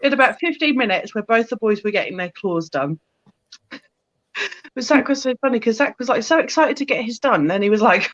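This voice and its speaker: Woman host, lively pitch swings, giggly storyteller, dull dry video-call audio. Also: fast, no room sound. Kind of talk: casual chat over video call.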